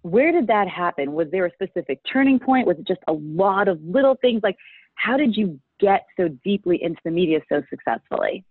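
A woman's voice: on the low side, lively intonation, fairly quick, no room sound. A woman hosting a podcast interview, bubbly and enthusiastic as she reads the guest's introduction and asks questions. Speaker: podcast host. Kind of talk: interview host chat. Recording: dry, tinny phone-like line.

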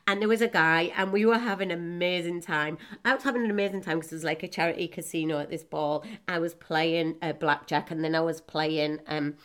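A woman in her forties giving a chatty, self-mocking personal talk to her audience, laughing often and breaking into quick asides. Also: sits low, fairly even intonation, clear, resonant tone. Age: 40s. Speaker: motivational speaker.

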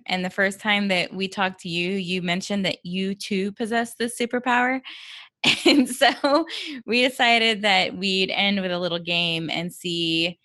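A woman's voice: mid-range voice, pushed and bright, no room sound. A woman co-hosting a podcast, chatty and giggly. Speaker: podcast co-host. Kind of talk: casual podcast chat.

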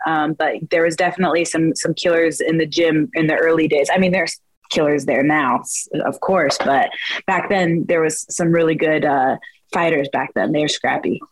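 A woman's voice: deep voice, steady tone, moderate pace, no room sound, low-quality recording. A young woman from Washington state, a fighter, telling stories in a chatty interview, filling her speech with "like" and acting out what others said. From United States, Washington state. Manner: chatty, lots of "like", acts out quotes. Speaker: guest fighter. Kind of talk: casual interview storytelling.

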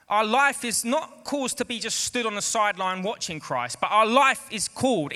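A man's voice: high-pitched, sharp tone. A man preaching a sermon as pastor, calling out to the congregation for amens. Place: church hall. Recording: echoey church hall.

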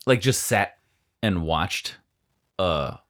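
A man with a low voice that swings up and down as he talks. He co-hosts a loose, casual podcast chat, rambling from one thought to the next and trailing off mid-sentence. He laughs a lot along the way. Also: animated, very slow, a bit bright. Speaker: podcast co-host.

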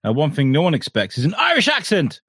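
A man's voice: a little high, wildly swooping pitch, fast, a bit bright, husky, dry recording, studio quality. An English man hosting a podcast, joking and swearing in casual banter. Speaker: podcast host.

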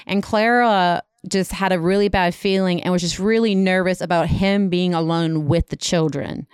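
A woman with a smooth, clear voice tells a dramatic story in a loose, chatty way, full of "like" and "kind of." The sound is dry and close, with no room around it. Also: on the low side, steady tone, normal speed, no echo. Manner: dramatic retelling with many fillers. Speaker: podcast storyteller. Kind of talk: casual storytelling.

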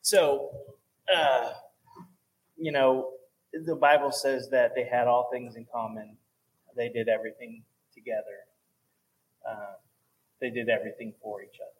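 A man's voice: mid-range voice, steady tone, a little slow, pauses often, low-quality recording. A man pastoring a church service, talking casually and earnestly about giving, with frequent "okay" and "all right" check-ins. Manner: casual, earnest, chatty with fillers. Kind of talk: church offering talk.

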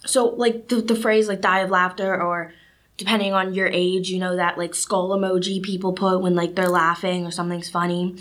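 A woman's voice: on the low side, moderate pace. A teenage girl hosting a student podcast, talking casually and animatedly, with lots of fillers. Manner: chatty and animated, lots of "like" and "you know". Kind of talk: casual solo podcast monologue.

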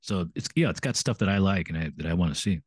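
A man co-hosting a podcast in casual chat, quick to agree and prone to repeating words. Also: low voice, expressive, husky, no echo, studio quality. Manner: fast, repeats words and restarts, agrees eagerly. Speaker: podcast co-host.

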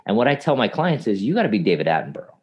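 A man with a very low, deep voice speaks in a relaxed podcast chat. He tells lively stories with energy and explains his ideas to listeners in plain, friendly terms. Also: racing, highs cut off. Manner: storytelling, animated anecdotes. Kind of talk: casual podcast conversation.

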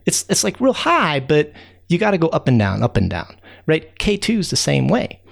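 A man voicing a chatty male raccoon who tells a rambling, excitable tall tale, full of fillers and sound effects, with a gravelly voice. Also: on the high side, moderate pace, exaggerated voice. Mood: excited. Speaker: storyteller.

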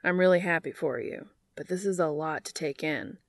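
A woman's voice: sits low, normal speed, no room sound, clean studio sound, close to an everyday voice. A woman reading aloud and voicing a flustered, weary young man who speaks with strained, hesitant politeness.

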